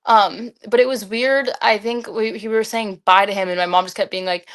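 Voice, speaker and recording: A woman's voice: medium pitch, moderate pace. A seventeen-year-old girl talking with her dad in a casual chat, rambling and filling her sentences with "like". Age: teenager. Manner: rambling, filler-heavy with lots of "like". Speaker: daughter, podcast guest.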